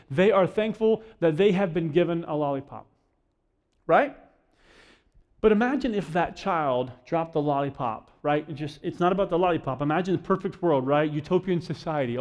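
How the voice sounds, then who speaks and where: A middle-aged man preaching a sermon in a casual, conversational way, often checking in with a quick "right?". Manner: conversational, keeps asking the crowd "right?"; acts out quoted voices, dropping softer and lower. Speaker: pastor.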